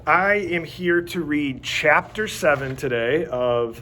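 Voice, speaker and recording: A man reading a children's chapter book aloud in a slightly higher than usual voice. His pitch swings widely as he brings the story to life, and he takes it at an unhurried, deliberate pace. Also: a little hiss or hum. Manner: animated, expressive storytelling. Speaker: reader.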